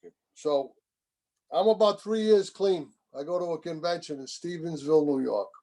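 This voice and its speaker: A man in his sixties shares his recovery story over a video call, candid and rambling, and he swears now and then. His voice is gravelly with fry and sits a little high for a man. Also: moderate pace, dark tone. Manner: rambling, candid, swearing, repeats "you know what I mean". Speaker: main speaker at a recovery meeting.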